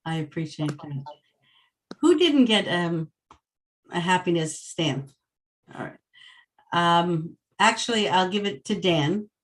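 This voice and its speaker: A woman with a fairly low voice leads a video-call group. She speaks in a casual, encouraging way, with some filler as she picks her words. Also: animated, slow, pauses often. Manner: friendly, encouraging. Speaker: group leader.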